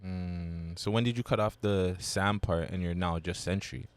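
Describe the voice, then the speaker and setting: Deep-voiced man hosting a talk show. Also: moderate pace, clear, resonant tone, no room sound. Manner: hesitant, stumbling questions. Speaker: host. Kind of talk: casual interview.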